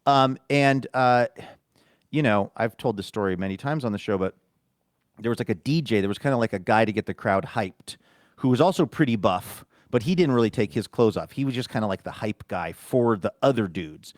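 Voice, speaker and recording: A man's voice: lowish voice, expressive, brisk, dry recording. Rambling man telling a story, dry mic. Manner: rambling storyteller, self-amused. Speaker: podcast co-host. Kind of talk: casual chat.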